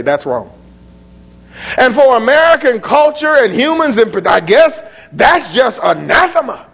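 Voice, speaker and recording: A man preaching a sermon, citing scripture chapter and verse, dropping to low asides and rising to near-shouted peaks. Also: vocal fry, husky.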